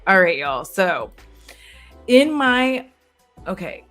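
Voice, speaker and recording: A woman's voice: medium pitch, sing-song, takes it slowly, a bit bright, faint music behind. A woman beauty creator chatting casually and frankly to her viewers, swearing and laughing often. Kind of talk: casual livestream chat.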